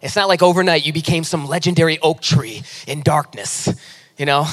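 A high-voiced man in his thirties delivers an impassioned sermon. He swings from loud, urgent pleading down to quiet, intimate asides, and his voice rings with a long reverb from a large church hall. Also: fairly quick. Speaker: pastor.

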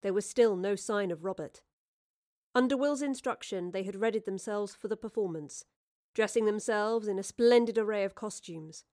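A woman narrating a storybook with a measured, expressive reading. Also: mid-range voice.

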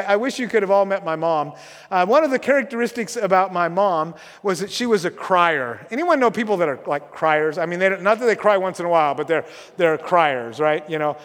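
A middle-aged man preaching a sermon as pastor, conversational and halting with many restarts, going soft and quiet in tender passages. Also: very high-pitched. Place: church sanctuary. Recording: long reverb from a church sanctuary.

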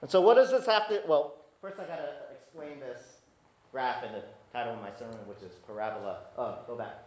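A man preaching a sermon as pastor, teaching in a conversational way with asides and restarts, pitch climbing when he grows emphatic. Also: a little fast, darkish tone. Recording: echoey hall, dull lo-fi sound.

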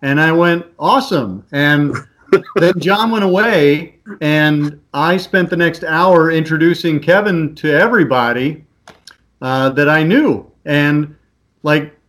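A man who is a podcast guest, chatting casually and telling animated stories, acting out the voices of other people. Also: fairly high pitch, takes it slowly. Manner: animated storyteller, acts out voices in anecdotes. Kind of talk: casual chat, storytelling.

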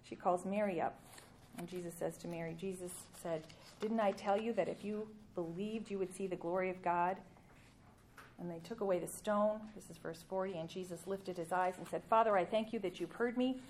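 A woman giving a sermon, reading scripture aloud with emphatic rises and pauses, ending in prayer. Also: lowish voice, steady tone, darkish tone, slight background noise. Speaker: preacher.

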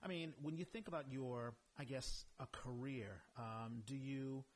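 A man's voice: mid-range voice, a little slow. A man hosting a casual podcast interview, encouraging his guest with frequent affirmations.

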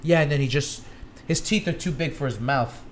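Animated male podcast co-host. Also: normal speed, a little hiss or hum. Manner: animated, swearing, pitch jumps when excited. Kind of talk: casual chat.

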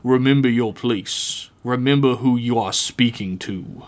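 A man's voice: medium pitch, a little slow, lightly acted. A man voicing a sly older male mayor who plays the villain, cool and condescending, in a read-aloud story. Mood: cold.

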